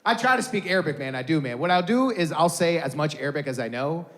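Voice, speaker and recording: Animated young man doing stand-up, high voice. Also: fast talker, noisy background. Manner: animated, slangy, full of asides. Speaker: stand-up comedian. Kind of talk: stand-up comedy set. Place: comedy venue with live audience. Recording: echoey hall with crowd laughing.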